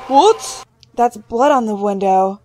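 A woman's voice: normal speed, a little mellow, no echo. A young woman casually commenting as she plays a horror game, reading text aloud and joking to herself. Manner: squeals in high-pitched surprise. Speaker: gaming YouTuber. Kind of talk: let's play commentary.

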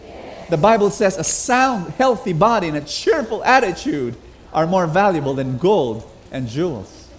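High-voiced Filipino preacher leading a crowd. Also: male voice, moderate pace, slight background noise. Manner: energetic, leads the crowd in repeating phrases. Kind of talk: sermon with call and response. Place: large hall with congregation.

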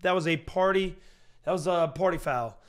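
A man talking casually and excitably to his viewers while playing online blackjack, slangy and restless. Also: fairly high pitch, normal speed. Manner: excitable, slangy, swings between hype and frustration. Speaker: gambling streamer. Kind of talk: casual hyped commentary to camera.

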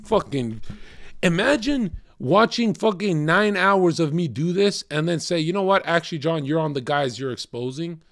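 A man's voice: on the high side, normal speed. Profane ranting male streamer. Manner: profane, combative, swings from shouting to muttering. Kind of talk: casual livestream rant.

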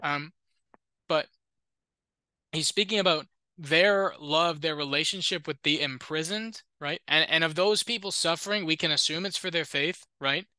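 A man's voice: fairly high pitch, moderate pace, bright, forceful tone, smooth, no room sound. A man teaching as a Lutheran, reading an ancient Christian letter aloud and explaining it in a discursive, informal way with joking asides. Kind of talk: reading and commenting on an ancient text.

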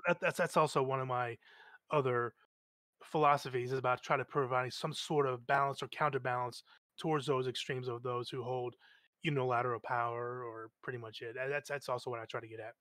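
A man talking politics in a casual discussion, animated, often stumbling over repeated words and acting out quoted voices. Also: mid-range voice, a little fast, no echo. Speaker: guest.

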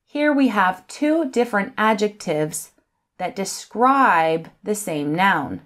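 A woman giving a lesson, reading example sentences aloud and naming each comma in a softer, lower voice. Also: expressive, slow pace. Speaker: English teacher. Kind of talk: slow, careful lesson explanation.

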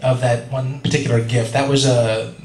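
A man's voice: mid-range voice, little pitch movement, normal speed, darkish tone, a little hiss or hum. A man in his forties from California, telling stories at a convention panel in a chatty, self-deprecating way and laughing often. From California, USA. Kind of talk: casual Q&A storytelling. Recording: echoey convention hall with crowd.

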